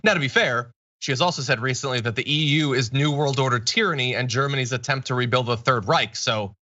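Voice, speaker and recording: A man hosting a political news commentary show, reading out quotes with deadpan, mocking asides. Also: medium pitch, quick pace, lo-fi sound, a little hiss or hum.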